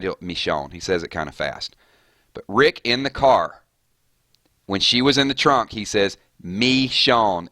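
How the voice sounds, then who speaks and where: Bright lower-voiced man, casual rambling stream chat, dry mic. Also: no echo. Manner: rambling, off on tangents. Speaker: gaming streamer.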